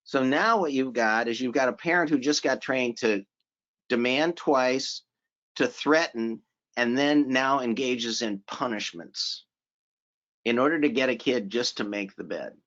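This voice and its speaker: A man's voice: medium pitch, measured pace, fairly bright tone. Man giving an informal seminar talk. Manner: informal, repeats phrases for emphasis, asks the audience questions. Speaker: seminar presenter. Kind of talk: conversational lecture. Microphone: remote conference audio. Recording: slightly dull audio from a virtual conference.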